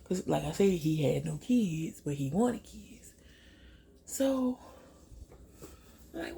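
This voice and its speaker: Gravelly-voiced woman from Louisiana, chatty. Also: slow, pauses often. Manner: animated storytelling, jumps to a high voice when quoting people. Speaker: vlogger. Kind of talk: casual storytime while doing makeup.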